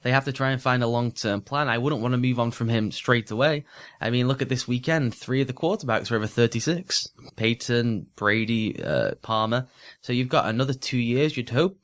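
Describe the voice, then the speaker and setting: A man's voice: medium pitch, a little fast, a bit bright. Man analyzing football in casual chat. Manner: analytical, fluent, frequent restarts. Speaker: podcast co-host.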